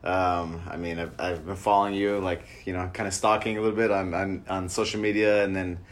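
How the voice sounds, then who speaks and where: A man's voice: deep voice, flat delivery, brisk. A man hosting a casual conversation, rambling through questions with many fillers and restarts. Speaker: host.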